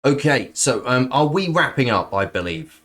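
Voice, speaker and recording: A man's voice: medium pitch, sing-song, moderate pace, a bit bright. A British man hosting a stream, talking casually with polite hesitant restarts. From Britain. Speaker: streamer host. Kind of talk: casual chat.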